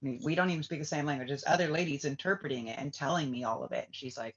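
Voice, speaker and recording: A man hosting a casual livestream, rambling and swearing, dropping to a hush and then flaring up heatedly. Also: on the high side, racing, creaky. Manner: rambling, profane, swings from hushed to heated. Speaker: spiritual reader and livestream host. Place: Bali, Indonesia. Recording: dull lo-fi livestream audio.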